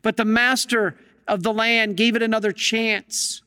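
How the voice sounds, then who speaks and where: Male priest with a very high-pitched voice, preaching an emphatic sermon, heard in a long echoing hall. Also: little pitch movement, measured pace, bright, forceful tone, clear, resonant tone. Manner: emphatic storytelling with rhetorical questions.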